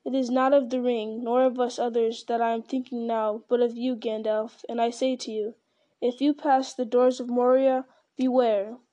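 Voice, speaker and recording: A woman reading the part of a grim, weathered male ranger, speaking quietly and solemnly. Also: a little high, level tone, moderate pace, highs cut off, natural voice.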